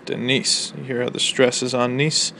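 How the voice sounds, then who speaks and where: A man with a gravelly, creaky voice walks students through a poetry lesson in a relaxed, explanatory way, often pausing on ums and uhs. He records from a small room with a faint hiss of air conditioning behind him. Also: mid-range voice. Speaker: college English instructor.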